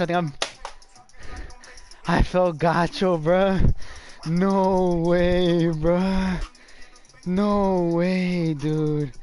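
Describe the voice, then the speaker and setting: A man streaming a game live, shouting and swearing excitedly, repeating phrases over and over. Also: high voice, clean tone. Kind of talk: hyped live gaming commentary.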